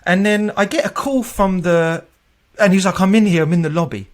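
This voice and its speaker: Chatty storytelling man, higher voice. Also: moderate pace. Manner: chatty, laughs often, acts out quoted voices. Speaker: guest, tech recruiter. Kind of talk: casual interview storytelling.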